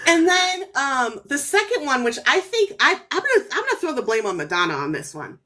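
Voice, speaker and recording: A woman author telling stories as a podcast guest in casual, animated chat, cursing freely. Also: high voice, fairly quick. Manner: animated, storytelling, swears freely.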